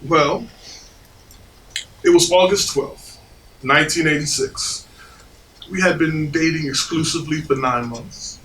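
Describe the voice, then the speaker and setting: A man's voice: on the high side, measured pace, pauses often. An actor playing an earnest, fussy groom's father, distant stage. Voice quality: animated storyteller, puts on a pompous French waiter voice. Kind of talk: stage play acting. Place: small theater stage. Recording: echoey theater stage from far off, audience noise.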